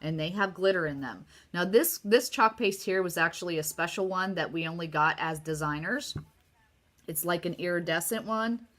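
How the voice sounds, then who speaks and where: A woman with a bright, forward voice walks viewers through a craft project at her home table. She talks in a chatty, upbeat way, and her sore throat leaves her sounding slightly worn. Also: on the low side, moderate pace. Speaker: craft designer demonstrating card making. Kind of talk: casual craft tutorial.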